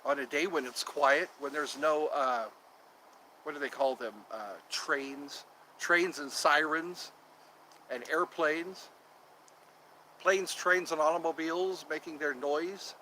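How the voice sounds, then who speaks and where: A man's voice: fairly high pitch, takes it slowly, bright, forceful tone, slight background noise, rough recording. A man hosting a casual livestream from outdoors in the cold on his phone, rambling and repeating himself as he talks to viewers. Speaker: livestream host.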